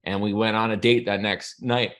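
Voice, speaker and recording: A man in his thirties from Canada, a podcast guest telling a personal story in a relaxed, rambling way, often restarting his sentences. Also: fairly low pitch, moderate pace. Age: 30s. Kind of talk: casual conversational storytelling.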